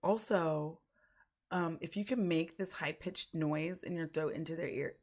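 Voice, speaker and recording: A woman's voice: deep voice, measured pace, noisy background. A woman streamer in casual livestream chat, rambling and giggly, with lots of fillers.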